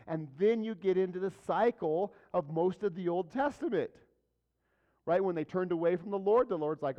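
Higher-voiced pastor preaching on a dull recording. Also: male voice, animated, moderate pace. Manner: conversational preaching with rhetorical questions. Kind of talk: sermon.

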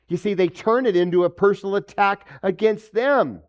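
A pastor with a high voice preaches a sermon at a normal pace. He poses rhetorical questions and acts out the voices of the people he quotes.

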